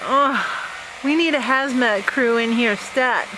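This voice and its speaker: In a noisy home video, a woman who hosts a vlog talks casually in her kitchen and later outside in the yard. She laughs a lot and plays up her disgust, speaking slowly in a slightly high voice.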